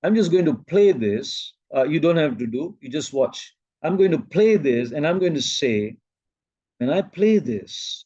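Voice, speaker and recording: Malaysian male workshop trainer, slightly high and mellow, slow and soothing delivery, dull lo-fi sound. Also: expressive, husky, dry recording. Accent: Malaysian English. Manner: slow, soothing, drops to near-whispers when guiding breathing. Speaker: meditation and presentation trainer. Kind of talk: workshop teaching with guided demos. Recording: dull lo-fi recording.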